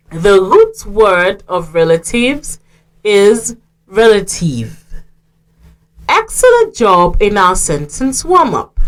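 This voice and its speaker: Sierra leonean lady radio teacher, super slow, lively up and down voice, spells sounds out. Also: mid-range voice. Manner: slow, clearly sounding out syllables and letters. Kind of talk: slow scripted reading lesson for children.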